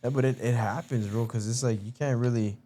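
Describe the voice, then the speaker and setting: A man in casual podcast chat, chiming in with quick agreeing remarks. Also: mid-range voice, steady tone, mellow.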